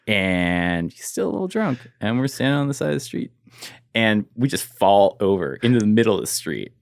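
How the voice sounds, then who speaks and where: A man's voice: fairly low pitch, sing-song, moderate pace, creaky, no room sound. A man, a guest in an interview, telling a personal story casually and leaning on "like" as he goes. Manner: casual, fills with "like", trails off quietly.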